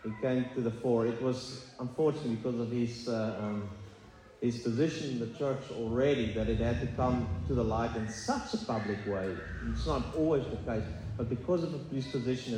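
Pastor preaching in echoey church. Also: male voice, mid-range voice, dark tone, slight background noise. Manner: earnest, confessional preaching with many fillers and restarts. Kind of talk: sermon. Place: church sanctuary. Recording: echoey hall, faint ambience.

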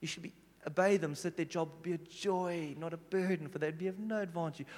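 A man preaching a sermon, his voice sitting a little high for a man and ringing out with a long reverb tail in a church hall. He tells his stories with animation, dropping to a hush and then bursting out loud. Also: fairly quick. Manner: animated storytelling, swinging from hushed to loud. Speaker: pastor.

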